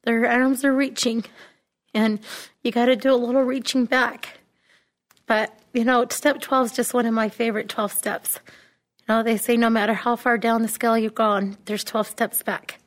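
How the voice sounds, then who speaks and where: A woman speaks earnestly and reassuringly, sharing her testimony with a support group. Her voice sits on the higher side, and her pitch stays level and even throughout. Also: normal speed. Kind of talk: testimony at a recovery meeting.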